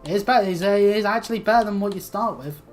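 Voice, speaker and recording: A woman streamer talks her way through a game in loose, rambling commentary full of fillers and half-finished thoughts, often trailing off quietly. Her voice sits at a middling pitch, with soft game music underneath. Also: racing. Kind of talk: casual gameplay commentary.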